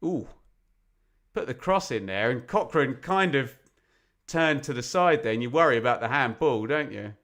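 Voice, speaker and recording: A man from England giving live football commentary on a fan watch-along, chatty and opinionated, with sudden bursts of excitement when chances come. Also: medium pitch, moderate pace. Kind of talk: live football commentary mixed with casual chat.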